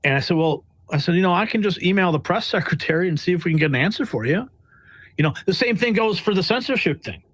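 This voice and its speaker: A man with a somewhat high voice tells his stories bluntly and with animation, slipping into quick impressions of the people he meets. The sound is dry and close, with no room around it. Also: no room sound. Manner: blunt, animated, acts out quotes. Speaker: White House press correspondent. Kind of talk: casual interview storytelling.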